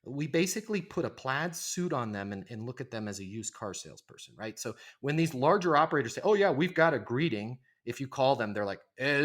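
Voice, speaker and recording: A man's voice: mid-range voice, fairly bright tone. A middle-aged man, a guest on a podcast interview, talking emphatically and acting out phone greetings in quoted voices. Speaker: leasing trainer, podcast guest. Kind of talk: energetic podcast interview talk.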